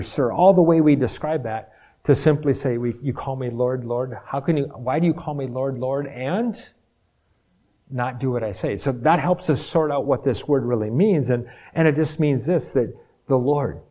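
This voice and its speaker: A man's voice: medium pitch, dark tone. A middle-aged man, a pastor, preaching a sermon with emphatic bursts and frequent restarts and repeated words.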